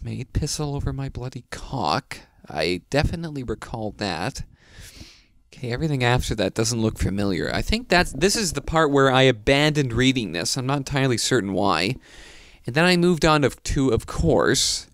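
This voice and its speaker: A man's voice: mid-range voice, dry recording, studio quality. A man in his twenties, tired and with his mouth still healing from a pulled tooth, making sarcastic, mock-serious comments. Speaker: YouTuber reading stories aloud. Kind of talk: comedic reading with commentary.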